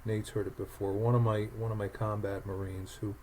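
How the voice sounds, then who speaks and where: Low-voiced emphatic man hosting. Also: flat delivery, brisk, darkish tone, low-quality recording. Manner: emphatic, repeats words when starting. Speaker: podcast host. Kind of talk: conversational storytelling.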